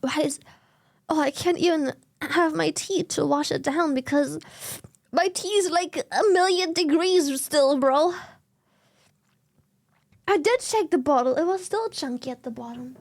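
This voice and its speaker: A young woman hosting a livestream, chatting casually with a giggly, swearing, animated manner on a desk mic. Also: high-pitched, a little slow, no room sound, clean studio sound. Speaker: livestream host. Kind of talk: casual chat with stream chat.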